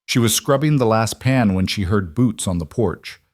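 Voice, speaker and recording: Low-voiced man narrating a story. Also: animated, moderate pace, a little mellow, no room sound, studio quality.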